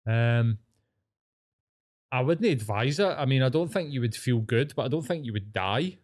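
A man's voice: mid-range voice, lively intonation, normal speed, a little mellow. Sweary Scottish man ranting. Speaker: podcast co-host. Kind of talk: casual podcast chat.

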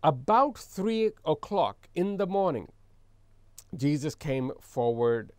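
Preaching as a pastor, a man reads scripture aloud and explains it with emphatic repetition while leading his congregation in call-and-response. His slightly high voice moves slowly with big pitch swings, sounding smooth and a bit mellow. There's no room sound.

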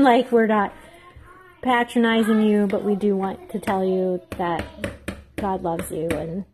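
A woman's voice: mid-range voice, darkish tone. A woman in her thirties chatting casually to camera while baking, rambling and self-deprecating, laughing often. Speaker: vlogger.

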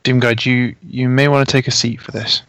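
A man's voice: mid-range voice, little pitch movement, a little fast, a bit bright. A man playing a tabletop role-playing game, talking casually and slipping into in-character speeches. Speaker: player.

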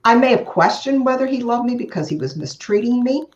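An older woman guest speaking earnestly and in a measured way in an interview. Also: a little high, lively intonation. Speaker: guest, author. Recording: echoey, muffled remote audio.

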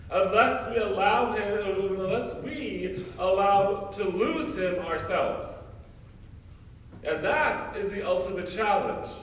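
Man preaching, high voice, emphatic rhetorical questions, booming church echo, far from the mic. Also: a little hiss or hum. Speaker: priest. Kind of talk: sermon.

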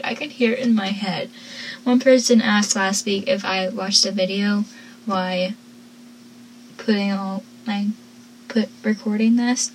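A woman casually recapping a TV episode from her notes as a gushing fan, soft-spoken and often dropping to a whisper. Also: fairly high pitch, slight background noise, low-quality recording. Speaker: show recap vlogger.

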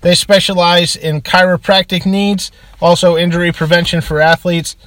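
Man, Boston accent, podcast co-host, casual chat, slightly high voice, dry sound. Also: little pitch movement, normal speed, a bit bright, no echo. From Massachusetts. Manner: chatty, reads ad segments.

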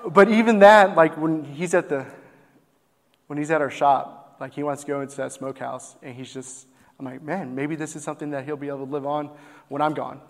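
A man's voice: fairly high pitch, little pitch movement, fairly quick. A young man from Texas, a barbecue business owner, earnestly telling a heartfelt personal story on stage with plenty of fillers. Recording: long hall reverb.

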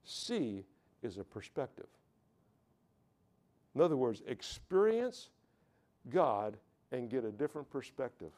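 Halting American preacher giving testimony. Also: male voice, mid-range voice, very animated, a little mellow. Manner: halting, repeats words and restarts often; calls out to the congregation for amens. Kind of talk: sermon with personal testimony.

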